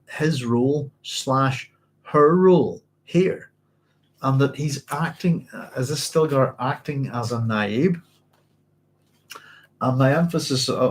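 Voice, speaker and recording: A man with a mid-range voice, heard through poor audio, hosts a book club. He reads passages aloud with casual commentary, often pausing to check his notes and apologising in a chatty way.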